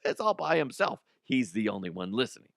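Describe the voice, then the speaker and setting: A man's voice: medium pitch, very animated, fairly quick, gravelly, no echo, studio quality. A man hosting a sports talk show in casual solo chat. He rambles, mocks himself and laughs often.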